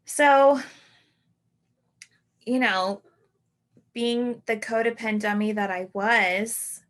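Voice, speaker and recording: Slow, halting woman telling a personal story. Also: on the high side, steady tone. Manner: halting, full of "like" and self-corrections. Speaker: podcast host.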